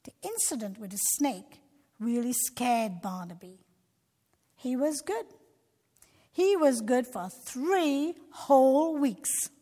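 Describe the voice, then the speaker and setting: A woman's voice: sits high, lively intonation, slow pace, warm tone. A woman narrating a Christian children's story expressively, talking directly to young listeners. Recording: long reverb.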